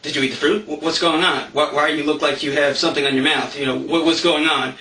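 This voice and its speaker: A man's voice: fairly high pitch, steady tone, fast, bright, forceful tone. A man putting on a casual, grumbling voice for an irritated, nosy male God in a comedy bit, heard in an echoey room. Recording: roomy sound from a distant mic.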